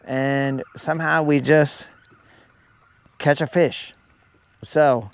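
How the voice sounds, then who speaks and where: A man's voice: on the high side, fairly even intonation, very slow, pauses often, smooth. A man hosting a live fishing stream, chatting casually with viewers and trading teasing jokes full of slang.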